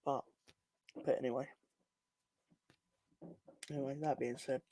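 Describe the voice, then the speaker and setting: Sardonic football fan. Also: male voice, medium pitch, little pitch movement, unhurried, warm tone, no echo. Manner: rambling, sardonic, swears freely. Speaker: football podcast co-host. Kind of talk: casual fan chat.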